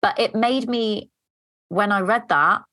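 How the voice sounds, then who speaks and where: A woman's voice: mid-range voice, slow pace, bright, forceful tone, no echo. An English woman in her thirties hosting a podcast, talking frankly and confessionally with casual swearing and plenty of fillers. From England. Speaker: podcast host. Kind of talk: candid personal podcast monologue.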